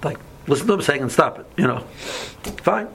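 Male Torah teacher, chatty and rambling, gravelly, faint hiss behind. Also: fairly high pitch, lively intonation, a little fast, a bit bright, rough recording. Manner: rambling, many fillers, mixes Hebrew and Yiddish terms. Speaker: yeshiva teacher. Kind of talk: casual Torah lecture with stories.

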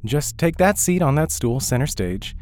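A man's voice: on the high side, expressive, moderate pace, a little mellow, voice pushed up, lightly acted. A man voicing an anxious female stage manager who is hurrying. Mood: hurried.

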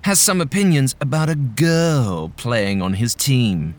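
A man's voice: mid-range voice, animated, unhurried, a little mellow, lightly acted. A man voicing a sneering teenage boy bully in a spoken story, with a mocking, taunting manner.

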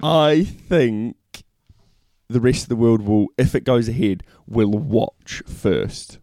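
A man's voice: medium pitch, slow pace, dark tone, no echo, studio quality. A man co-hosting a podcast in casual chat, teasing his partner and reading out listener questions. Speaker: podcast co-host.

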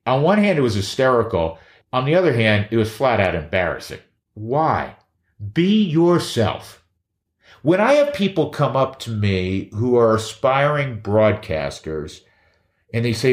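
A man hosting a podcast, talking with energy and hammering his points home by repeating them. His voice sits at an ordinary middle pitch. The room has a noticeable echo, with faint music underneath. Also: normal speed. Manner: energetic, emphatic, repeats key phrases. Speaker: podcast host. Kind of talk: casual chat and live ad reads.

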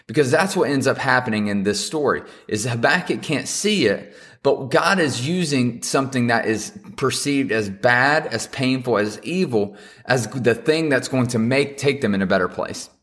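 A man's voice: medium pitch, lively intonation, normal speed, fairly bright tone. A young man preaching a casual, conversational sermon as a pastor, earnest and encouraging, then praying. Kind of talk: casual sermon with closing prayer.

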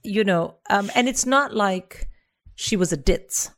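A woman's voice: medium pitch, slow. Blunt, frank woman in casual chat. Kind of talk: casual comedy podcast chat.

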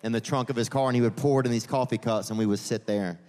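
A man's voice: medium pitch, fairly even intonation, fast talker, darkish tone. A man doing a stand-up comedy set on a theater stage, rambling through meandering digressions and leaning on "man" and "you know.". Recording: reverberant theater with faint audience ambience.

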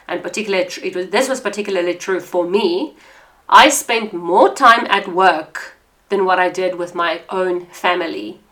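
A woman's voice: lowish voice, fairly bright tone. A woman from South Africa hosting a faith podcast, sharing her personal testimony in an earnest, conversational way with frequent fillers. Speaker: podcast host.

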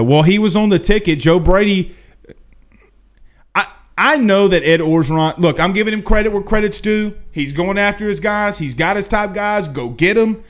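A man hosting a casual livestream, answering chat questions in an excitable, emphatic, repetitive way. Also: fairly high pitch, moderate pace. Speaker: livestream host.

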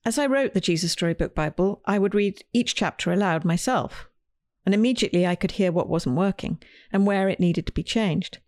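A woman host and children's author tells her story in a scripted podcast style. The voice sits at a middle pitch and is recorded dry and close, with no room sound. A dry humor runs through it. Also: a little fast, a little mellow, no room sound.

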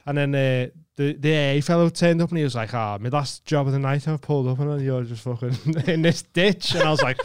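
Smooth-voiced man telling a story. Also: mid-range voice, fairly quick, hardly any pauses, no room sound, clean studio sound. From England. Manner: swearing, animated anecdote with laughs. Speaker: podcast co-host. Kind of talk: casual chat, storytelling.

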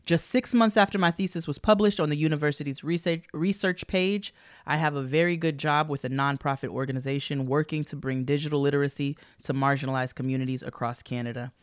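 A woman's voice: sits low, fairly even intonation, fast talker, no room sound, studio quality. A woman co-hosting a podcast, reading listener letters aloud in an upbeat, playful way and hyping up the listeners. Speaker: podcast co-host.

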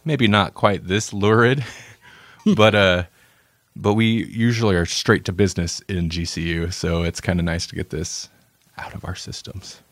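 Low-voiced joking podcast host. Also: male voice, measured pace, a bit bright, no room sound. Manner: joking, rambling, laughs often. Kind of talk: casual chat.

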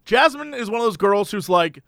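Guy with a pretty high voice just chatting, doing little voices for everyone, dry close sound. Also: fairly quick, gravelly, no room sound. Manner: animated storyteller, acts out quotes in voices. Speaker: podcast co-host. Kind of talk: casual chat recapping a reality show.

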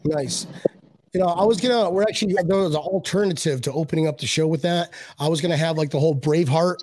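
A man's voice: on the high side, fast talker, a little mellow. A man hosting a podcast in casual chat, rambling and joking with many restarts. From Buffalo, USA. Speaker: podcast host.

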